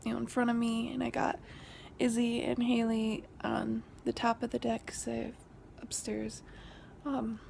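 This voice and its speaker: A woman's voice: fairly high pitch, flat delivery, a little slow, a little hiss or hum. A young woman vlogger telling a story in a casual way, often half-whispering. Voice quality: gravelly fry. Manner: whispery, hushed retelling that rises when quoting an argument.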